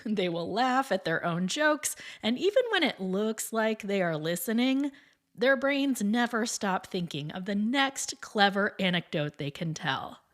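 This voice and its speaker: A woman's voice: medium pitch, lively intonation, a little slow. A woman hosting her own podcast in a scripted monologue, chatty and upbeat, with frequent light laughs. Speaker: podcast host and piano teacher.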